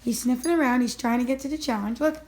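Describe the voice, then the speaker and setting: High-voiced woman coaxing her dog. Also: fast talker, darkish tone. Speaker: vlogger filming her dog. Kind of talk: casual home video narration. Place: at home, indoors.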